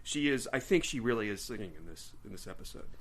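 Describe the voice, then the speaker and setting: A man co-hosting a podcast in casual chat, rambling and animated, often slipping into silly put-on voices. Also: fairly low pitch, quick pace. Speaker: podcast co-host.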